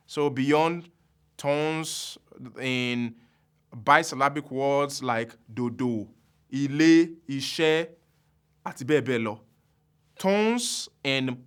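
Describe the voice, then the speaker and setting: A man with a Yoruba accent teaching a language lesson, speaking deliberately and repeating words for drills. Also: medium pitch, fairly bright tone. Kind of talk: slow spoken language lesson.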